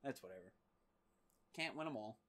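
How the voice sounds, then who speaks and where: A man's voice: lowish voice, lively intonation, moderate pace, fairly bright tone, slight background noise. A man giving casual let's play commentary while gaming, rambling with many fillers and swearing freely. He talks his way loosely through the game as he plays.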